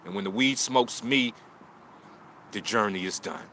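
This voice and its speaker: Low, forceful man speaking outdoors. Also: measured pace, a little hiss or hum. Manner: reflective, preaching in short punchy lines. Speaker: martial arts teacher streaming live. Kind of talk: emotional live stream talk.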